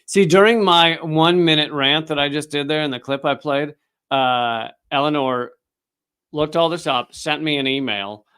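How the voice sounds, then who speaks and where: Male comedy host, somewhat high voice, sarcastic ranting delivery. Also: moderate pace, a bit bright, clear, resonant tone. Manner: sarcastic, mocking impressions. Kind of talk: political comedy rant.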